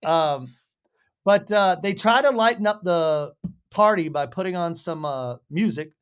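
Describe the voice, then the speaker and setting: A man co-hosting a podcast, casually recapping a film with halting speech and frequent fillers. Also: high-pitched, expressive, a bit bright, clean tone. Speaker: podcast co-host. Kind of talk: casual movie recap chat.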